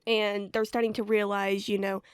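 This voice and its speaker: A woman's voice: mid-range voice, flat delivery, normal speed, clear, resonant tone, no room sound, clean studio sound. A young woman co-hosting an anime podcast, talking in a laid-back, hesitant way with lots of fillers. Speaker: podcast co-host. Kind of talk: casual anime review chat.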